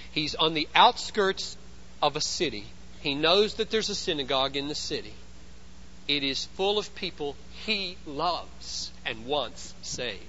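A man preaching a sermon as pastor, emphatic, swinging between loud urgency and hushed intensity. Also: on the high side, lo-fi sound, a little hiss or hum.

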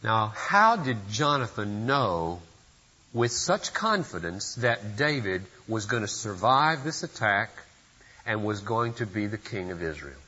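A man's voice: fairly low pitch, very animated, unhurried, pushed and bright, slightly rough, highs cut off. A pastor preaching a sermon at a church service, speaking earnestly and putting direct questions to his listeners.

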